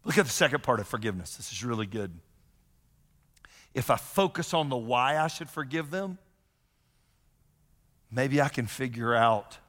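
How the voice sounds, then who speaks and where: Animated man preaching in a reverberant hall. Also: mid-range voice, moderate pace, pauses often. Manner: animated, conversational, acts out quoted voices. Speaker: pastor. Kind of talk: sermon.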